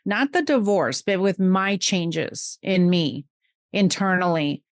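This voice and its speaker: A middle-aged woman, a podcast guest, speaking earnestly and emotionally in quick bursts in a heartfelt interview. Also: on the low side, no room sound, studio quality.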